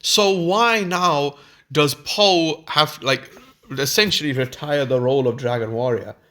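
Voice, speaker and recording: A man's voice: fairly high pitch, measured pace, pushed and bright. A man giving a heated, exasperated film review, swearing freely and stumbling over restarts when worked up.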